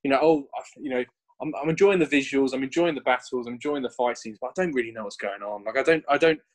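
A man chatting casually on a podcast film review, rambling and excitable, swearing now and then. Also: mid-range voice, quick pace, low-quality recording. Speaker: podcast guest.

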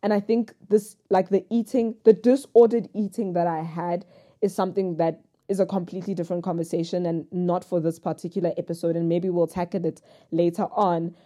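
A woman's voice: fairly low pitch, fairly even intonation, fairly quick, warm tone. A young woman talking frankly in a personal vlog, rambling from thought to thought with self-mocking humor. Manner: rambling, jumps between thoughts. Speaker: vlogger. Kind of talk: candid confessional vlog talk.

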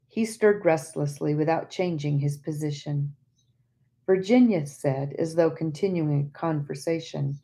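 A woman narrating an audiobook in a soft, tender, measured reading, often dropping to a hush. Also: low voice, fairly even intonation.

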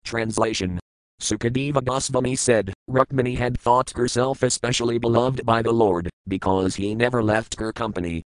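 A man giving a measured, scripted verse-by-verse scripture reading, reciting each verse and then its word meanings. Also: mid-range voice, no room sound, poor audio. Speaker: scripture reader.

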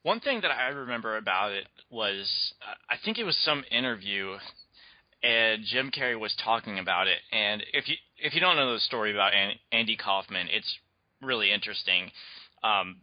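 A man co-hosting a casual podcast chat, telling stories calmly. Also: lowish voice, normal speed, no room sound. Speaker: podcast co-host. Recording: dry, dull lo-fi mic.

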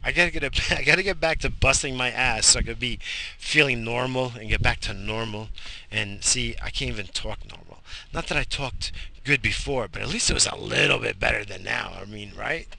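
A man's voice: mid-range voice, fairly quick, creaky, background noise. A tired man, a father, rambling and swearing as he talks to himself in a casual vlog. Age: adult with a child. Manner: profane, rambling, muttering to himself. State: exhausted. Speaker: vlogger.

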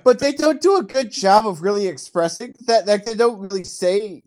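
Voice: medium pitch, animated, normal speed, a little mellow. A podcast co-host in casual chat, recapping a film's plot with dry sarcasm.

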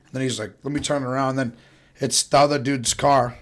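A man's voice: mid-range voice, steady tone, fairly quick, a bit bright. A young man, chatting casually on a podcast, rambling and swearing in a laid-back way. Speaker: podcast co-host. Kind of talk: casual chat.

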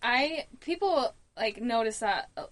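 A young woman co-hosting a casual podcast chat, bubbly and quick to laugh, with lots of "like" in her talk. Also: a little high, expressive. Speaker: podcast co-host.

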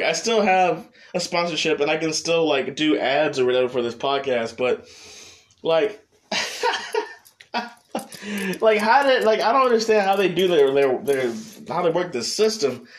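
A young man with a high voice chats alone on his podcast. He rambles, restarts his sentences and swears constantly in an easy, unscripted way. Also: fairly bright tone. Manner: rambling, heavy cursing, restarts. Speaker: podcast host. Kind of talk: solo casual chat.

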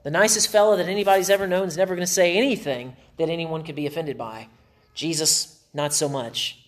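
A man's voice: a little high, steady tone, fairly quick. A male pastor preaching a sermon in an emphatic way, with dry sarcastic humor.

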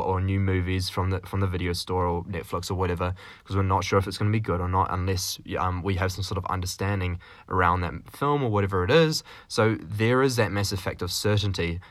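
Man, podcast host, rambling solo talk, jokey, lowish pitch, dry close sound. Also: a bit bright, no room sound. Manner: rambling, with many fillers and restarts; jokey, with mild swearing.

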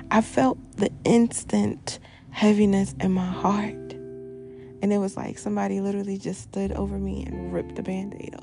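Gravelly, warm-voiced woman podcaster. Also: medium pitch. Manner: candid, emphatic, repeats phrases, swears freely. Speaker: podcast host. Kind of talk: reflective personal monologue.

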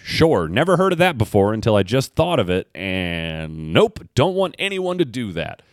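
A man's voice: medium pitch, very animated, normal speed, hardly any pauses, no echo, studio quality. A man hosting his own podcast, talking alone in sarcastic, rambling rants with some swearing. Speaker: podcast host. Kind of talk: casual solo commentary.

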